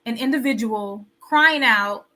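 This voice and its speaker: A woman's voice: fairly high pitch, measured pace, sharp tone, soft background music. A woman hosting a wellness talk show, speaking in a preachy way with many rhetorical questions and repeated phrases. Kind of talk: motivational live talk.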